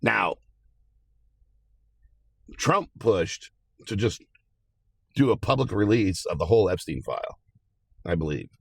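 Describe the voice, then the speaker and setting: Deep-voiced rambling man. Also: big pitch swings, slow pace, vocal fry, long pauses, breathy edge, dry recording. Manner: rambling, hesitant, talks to viewers as guys. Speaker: political commentary host. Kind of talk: casual political commentary.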